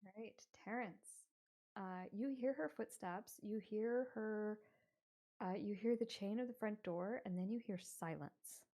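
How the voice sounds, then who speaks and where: A woman running a tabletop horror game, narrating in a relaxed, chatty way. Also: mid-range voice, measured pace. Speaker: game master.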